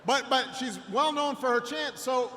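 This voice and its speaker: This is a very high-pitched middle-aged man, a political candidate rousing a rally crowd with a story-driven campaign speech. He falters into repetitions and builds gradually until he's shouting. The audio carries long reverb from a large hall plus faint noise.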